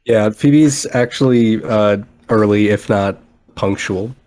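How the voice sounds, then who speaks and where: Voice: medium pitch, takes it slowly, darkish tone. A player describing their character in a tabletop game, easygoing and a little hesitant. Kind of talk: tabletop role-play.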